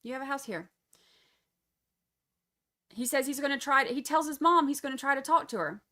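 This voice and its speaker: A woman giving casual, animated true crime commentary on a livestream, sarcastic and full of mocking asides. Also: high voice, brisk.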